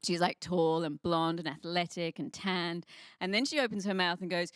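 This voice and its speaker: A woman from England with an English accent doing a stand-up set, with wry, quick observational delivery. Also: on the low side, fairly even intonation, clear, resonant tone. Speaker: stand-up comedian. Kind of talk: stand-up comedy.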